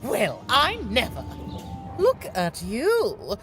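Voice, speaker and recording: A woman's voice: on the high side, huge pitch swings, extremely slow, exaggerated voice. An actress playing a snobbish aristocratic lady in a video game, scornfully scolding someone about titles and manners. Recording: game audio with music behind.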